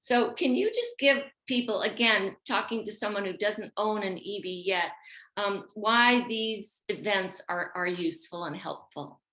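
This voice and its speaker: Bright-voiced woman interviewer, echoey room. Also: mid-range voice, measured pace. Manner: friendly, prompting questions. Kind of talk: casual interview.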